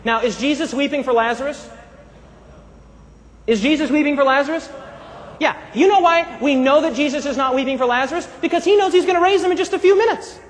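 A man with a very high voice delivers an animated sermon and calls on the congregation to answer back. He is recorded in a large hall with a long, trailing reverb. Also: a little fast, a little hiss or hum. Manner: animated, call-and-response with congregation. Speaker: preacher. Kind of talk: live sermon.

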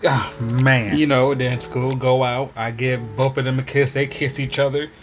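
A man's voice: medium pitch, normal speed, slight background noise. Slangy man telling a comic story. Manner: slangy, animated, breaks into laughter. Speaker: storyteller vlogger. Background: video game music.

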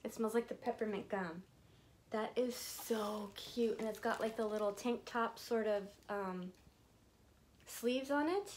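A woman in her fifties chats slowly and gushes over gifts, laughing often in a slightly high voice. Her talk is drawn out and casual. The home recording has clear noise behind her. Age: 50s. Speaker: vlogger. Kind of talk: casual unboxing chat.

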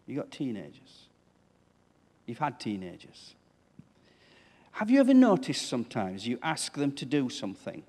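A man's voice: medium pitch, huge pitch swings, moderate pace, pauses often, a little mellow, long reverb tail. A man preaching a sermon as pastor, talking conversationally and putting questions to the congregation. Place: church.

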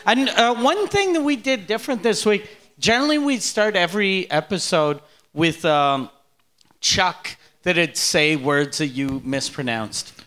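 Bright-voiced teasing man. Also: high voice, lively intonation, measured pace. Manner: teasing, crude joking. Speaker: podcast co-host. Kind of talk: casual chat.

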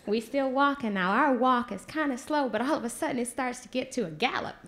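A woman spins a personal story for a live audience. Her voice has a gravelly fry at its edges. She talks in loose, animated vernacular and acts out other people's lines. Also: high-pitched, fairly quick. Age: 40s. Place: stage before an audience.

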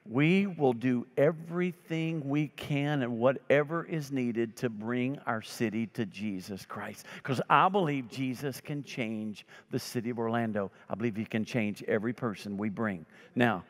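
A man's voice: mid-range voice, unhurried, few pauses. A man preaching a sermon as pastor, telling stories and voicing the people in them. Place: church sanctuary. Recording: long reverb of a church sanctuary.

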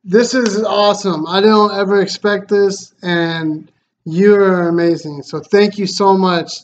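Casual vlog host, male, slow, excitable and grateful; dull lo-fi recording. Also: high voice. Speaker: fishing channel host. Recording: slightly dull lo-fi sound, faint noise.

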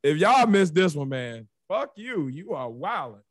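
A man's voice: a little high, sing-song, a little slow, no echo. A man co-hosting a casual podcast, teasing his co-host and hyping him up.

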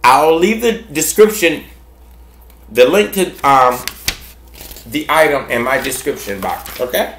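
Effusive, gravelly man with a swooping voice. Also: animated, unhurried, long pauses, a bit bright, echoey room, slight background noise. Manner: effusive and affectionate, repeats himself, big swings in pitch. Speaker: gardening channel host. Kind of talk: casual vlog chat to viewers.

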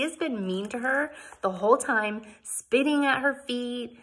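A woman's voice: fairly high pitch, a little slow, hardly any pauses, fairly bright tone, breathy edge. A woman reading a novel aloud, narrating plainly and adding casual asides of her own. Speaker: audiobook reader.

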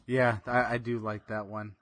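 A man in his thirties co-hosting a podcast, telling stories in a laid-back way with many fillers, often drifting quiet. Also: lowish voice, flat delivery, moderate pace, no room sound. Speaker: podcast co-host. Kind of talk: casual chat.

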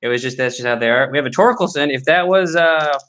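A man's voice: a little high, fast, fairly bright tone. A man hosting a card break, chatting casually and joking at himself with lots of fillers as he opens packs. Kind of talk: casual live commentary while opening card packs.

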